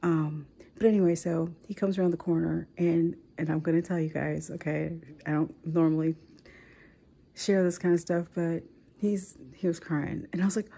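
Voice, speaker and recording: A woman in her forties shares a personal story in a soft, tearful voice that keeps slipping into whispers. Her voice sits low with a gravelly fry and a husky edge. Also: steady tone, normal speed. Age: 40s. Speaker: vlogger. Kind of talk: emotional personal vlog.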